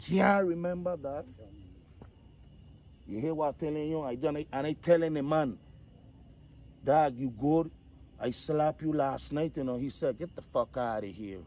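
High-voiced man telling a street story. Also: a little slow, pauses often. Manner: animated, acts out quotes, repeats 'dog'. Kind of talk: casual storytelling.

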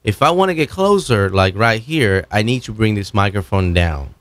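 A man's voice: lowish voice, animated, a bit bright, dry recording. Man casually demoing a studio mic. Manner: loose, halting talk with many restarts while moving around the mic. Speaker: video host reviewing microphones. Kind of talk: casual product demonstration. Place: home studio desk. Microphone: broadcast microphone on an arm, at varying distance.

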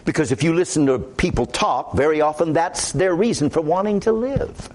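A man's voice: fairly high pitch, normal speed, darkish tone. A man with a Midwestern American accent preaching a sermon as pastor, conversational and quoting scripture aloud.

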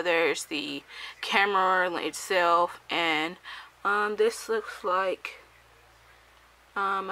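A woman's voice: medium pitch, bright, forceful tone, rough recording. A woman casually reviewing and unboxing a gadget, talking hesitantly with many ums and self-corrections. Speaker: product reviewer.

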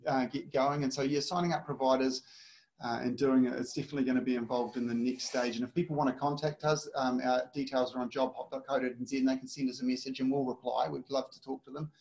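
A man, a startup co-founder, talking in an easygoing, halting way with false starts during a webinar. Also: medium pitch, little pitch movement, a little mellow. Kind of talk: casual webinar conversation.

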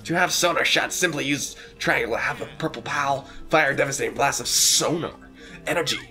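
A man voicing a chirpy male salesman from a video game, reading its tutorial text in a high, mocking sing-song. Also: brisk, sharp tone, soft background music.

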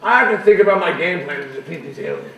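A man's voice: high voice, huge pitch swings, fast. A young man hamming it up as a performer in a stage comedy skit, exclaiming his lines and laughing at his own jokes. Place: school auditorium stage. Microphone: far from the mic. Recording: echoey hall from far off, crowd noise.

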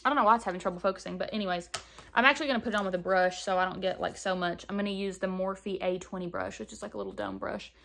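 A woman's voice: on the low side, animated, very fast, creaky, fairly bright tone. A young woman chatting candidly while doing her makeup on camera, talking loosely with plenty of fillers. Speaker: beauty vlogger. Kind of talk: casual get-ready-with-me chat.

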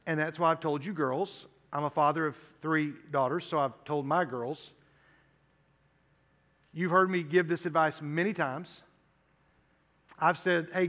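A middle-aged youth pastor preaches a sermon to teenagers, earnest and conversational, often repeating himself. His voice is a little high, pushed and bright, with long hall reverb around it.

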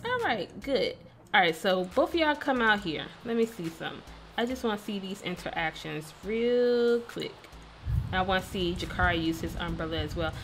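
A woman's voice: mid-range voice, expressive, moderate pace, a little hiss or hum. A woman hosting a casual let's-play, chatting playfully and talking to the characters on screen. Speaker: gaming video host.

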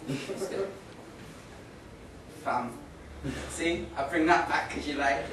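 A man's voice: on the high side, takes it slowly. A young man from England compèring a live comedy night in a pub, joking with and teasing the crowd. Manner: jokey, self-mocking, banters with the crowd. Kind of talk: stand-up compèring. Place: pub function room, live audience. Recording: echoey room from far off. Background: room noise, crowd murmur.

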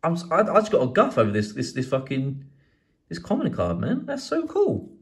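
A man chatting casually as he opens card packs, swearing and rambling excitedly. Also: fairly high pitch, moderate pace. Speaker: card collecting YouTuber. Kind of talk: casual pack-opening vlog.

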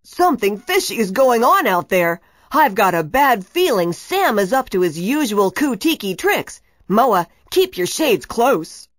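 A woman's voice: fairly high pitch, big pitch swings, measured pace, hardly any pauses, no echo, clean studio sound. A woman doing a cheeky young superhero. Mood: heroic. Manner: eager, heroic. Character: brave young male superhero, eager and cheeky. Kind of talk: storybook reading.

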